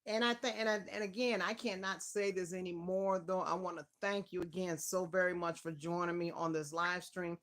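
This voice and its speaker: A woman's voice: on the low side, level tone, moderate pace, few pauses, a bit bright. A woman hosting a casual live stream interview, effusive and greeting her viewers by name.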